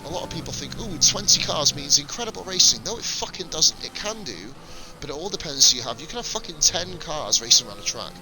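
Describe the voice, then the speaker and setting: A man's voice: fairly high pitch, big pitch swings, fast talker, over music, low-quality recording. A man with a northern English accent mixed with Welsh, commentating a sim race on a live stream and bantering with viewers, swearing freely. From northern England.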